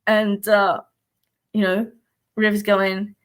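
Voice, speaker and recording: A woman's voice: mid-range voice, steady tone, measured pace. An Australian woman, a psychic, chatting casually on a live stream in a blunt, sweary way and often laughing.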